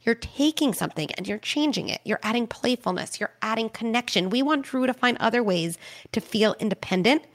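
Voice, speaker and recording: A woman hosting an advice call-in show, talking parents through tantrums in a warm, animated way and acting out playful scripts. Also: a little high, fairly quick. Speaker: parenting expert, show host.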